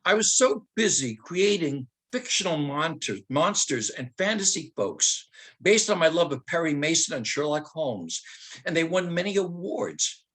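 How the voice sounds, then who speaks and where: A man in his seventies, a retired teacher, telling personal stories with humor and slowing into dramatic readings. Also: a little high, animated, fairly bright tone. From Germany. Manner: humorous, anecdotal, slows to dramatic recitation.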